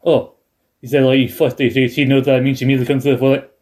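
Man, casual chat, sitcom recap, mid-pitched voice, animated, acts out lines. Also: very fast.

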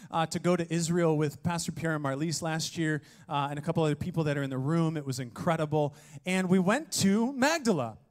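High-voiced, animated male preacher. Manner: energetic, joking asides to the congregation. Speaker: pastor. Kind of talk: sermon.

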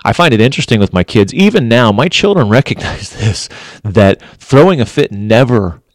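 A man's voice: medium pitch, lively intonation, moderate pace, slight background noise. A middle-aged man, a former police officer, giving blunt relationship advice and repeating his points for emphasis. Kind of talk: earnest direct-to-camera advice talk.

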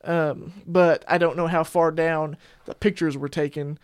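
A man's voice: a little high, little pitch movement, a little slow, clean tone. A man co-hosting a casual podcast chat, joking and laughing often. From New Jersey. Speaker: podcast host.

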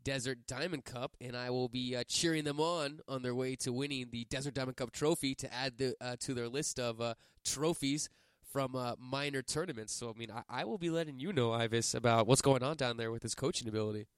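Young man with a smooth, dry voice. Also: medium pitch, a little fast, dry recording. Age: 20s. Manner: jokey, enthusiastic. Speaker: podcast co-host. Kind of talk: casual sports chat.

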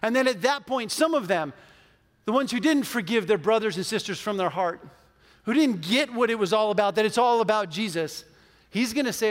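Guy pastor preaching, pretty high voice, big church echo, earnest and pushy in a good way. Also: animated, fairly quick. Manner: earnest, storytelling, rising to emphatic exhortation. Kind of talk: sermon with altar call and prayer. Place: church sanctuary with a loft. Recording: long hall reverb of a church.

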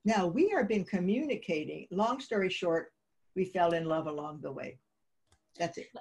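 Husky-voiced woman telling lively stories. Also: on the low side, moderate pace. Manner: lively anecdotes, acting out quoted dialogue. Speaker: guest, peace advocate. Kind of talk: interview storytelling.

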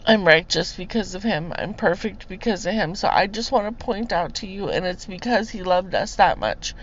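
A woman's voice: mid-range voice, moderate pace. A young woman hosting a podcast, giving an earnest, preachy faith testimony and growing tearful at times. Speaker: podcast host sharing her testimony. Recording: slightly dull lo-fi sound with faint hiss.

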